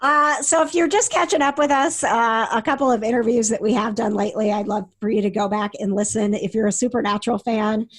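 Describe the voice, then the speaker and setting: A woman's voice: a little high, steady tone, a little fast, hardly any pauses. A woman co-hosting a casual podcast, chatting and giggling as she tells stories. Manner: chatty, giggly, restarts sentences. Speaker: podcast co-host. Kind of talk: casual chat.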